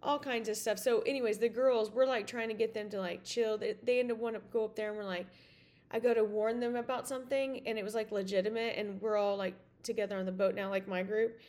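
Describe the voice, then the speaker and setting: A woman's voice: mid-range voice, steady tone, quick pace, darkish tone. A woman hosting a podcast, telling a story in a casual, rambling way full of "like" and "you know.". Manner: chatty, full of "like" and "you know", many restarts. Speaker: podcast host.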